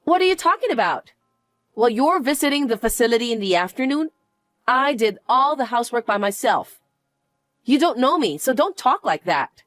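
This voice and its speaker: A woman's voice: a little high, lively intonation, moderate pace, fairly bright tone, no room sound, faint music behind. A woman voicing a harsh young daughter-in-law, scornful and impatient, in a narrated family drama.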